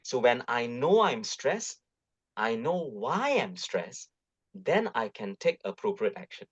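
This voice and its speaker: A middle-aged man with a Malaysian English accent gives a webinar talk on parenting, coaxing and lively, full of tag questions. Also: medium pitch, slow, breathy edge. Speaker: guest speaker. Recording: dull lo-fi webinar audio.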